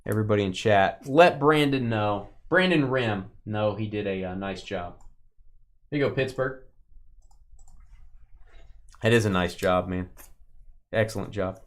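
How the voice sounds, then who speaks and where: With a fairly low pitch and a measured pace broken by frequent pauses, a man runs a live stream where he opens sports cards. He keeps up joking chatter as the card break host and calls out viewers by name.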